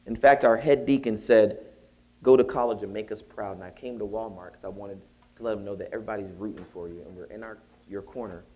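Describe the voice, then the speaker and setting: A man giving a storytelling keynote at a conference, acting out the people in his story and rising to high exclaims. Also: brisk. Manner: animated, acts out voices, rises to high exclaims. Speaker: keynote speaker. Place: conference hall.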